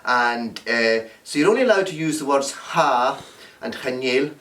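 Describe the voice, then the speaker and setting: A drama and games workshop leader runs a recorded session from a room in his home, speaking playfully and acting out little scenes as demonstrations. His medium-pitched voice is fairly bright, with lively intonation and a slightly slow pace. A distant camera gives the sound a roomy quality.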